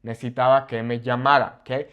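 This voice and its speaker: A young man teaching a Spanish grammar lesson at a whiteboard. He slows down to say each example clearly and keeps checking in with "okay?". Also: medium pitch, dull audio. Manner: lively, repeats "okay?" after each example; slows down to model Spanish pronunciation.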